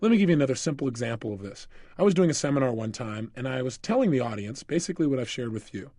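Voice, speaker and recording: Male motivational speaker, quick and lively, acts out his stories. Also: mid-range voice, dry recording, clean studio sound. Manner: animated storyteller, acts out scenes. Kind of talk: motivational seminar talk.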